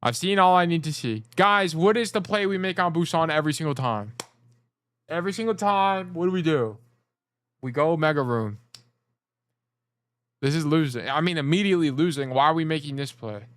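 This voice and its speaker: A man's voice: on the high side, lively intonation, moderate pace, pauses often, a bit bright, no room sound. A man coaching players over a casual livestream, rambling, joking and swearing as he talks. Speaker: game coach.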